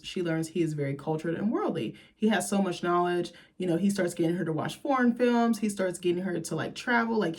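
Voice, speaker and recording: A woman's voice: fairly low pitch, darkish tone. A woman host talking casually and profanely about a movie, chatty and sassy.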